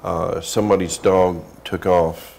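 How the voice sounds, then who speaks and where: Guy hosting local tv, folksy and chatty, lowish voice, bit of hiss behind. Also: fairly even intonation, measured pace, vocal fry, a little mellow. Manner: folksy, chatty, says y'all. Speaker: TV show host. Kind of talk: casual chat.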